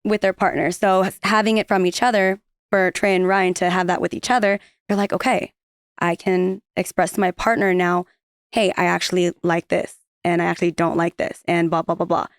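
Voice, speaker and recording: A woman's voice: on the low side, level tone, a little fast, dry recording, studio quality. A woman on a podcast, chatting casually and explaining her points with quoted asides. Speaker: podcast guest. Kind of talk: casual chat.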